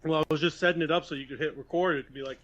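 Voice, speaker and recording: A man's voice: fairly high pitch, steady tone, very fast, a bit bright, lo-fi sound, faint music behind. A man co-hosting a podcast, teasing and needling his friend with profane jokes in casual banter. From Connecticut. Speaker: podcast co-host.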